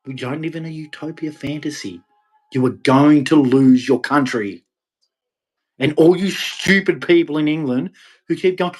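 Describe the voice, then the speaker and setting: A man delivering an impassioned, ranting monologue to camera, with sudden loud, emphatic rises. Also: fairly high pitch, animated, a little slow. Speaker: vlogger.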